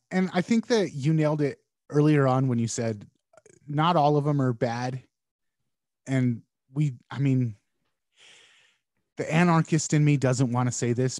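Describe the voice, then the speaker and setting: Mellow, thoughtful man in conversation. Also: medium pitch, no room sound, studio quality. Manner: thoughtful, measured reasoning. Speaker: guest. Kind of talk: casual conversation.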